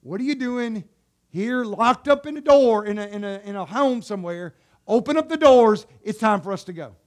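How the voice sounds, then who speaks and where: Preaching at an animated, moderate pace, this pastor poses rhetorical questions and calls straight out to his congregation. His voice shifts between quiet, low stretches and loud, rousing exhortation.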